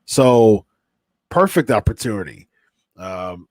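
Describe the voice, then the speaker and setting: A man's voice: mid-range voice, animated, measured pace, darkish tone, no room sound. Chatty male podcast host, dry sound. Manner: rambling, with many fillers and restarts. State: slightly stuffy from a cold. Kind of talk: casual live-stream chat.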